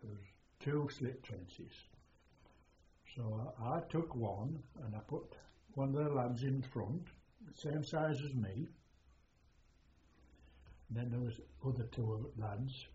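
Halting old man on echoey tape. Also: mid-range voice, dark tone, a little hiss or hum. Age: older. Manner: slow, halting storytelling with many pauses. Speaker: war veteran interviewee. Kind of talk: oral history recollection. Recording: echoey, dull archival interview tape.

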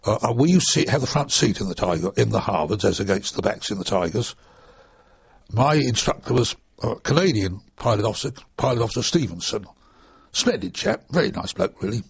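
An older man reminisces at length in an interview, rambling and chuckling between stories. His voice is low, gravelly and very husky. The recording is dull and dry, with no room sound. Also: lively intonation, fairly quick, no room sound. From United Kingdom. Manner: chatty, rambling, chuckling asides. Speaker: interviewee, former RAF trainee pilot. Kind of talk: reminiscing oral history interview.

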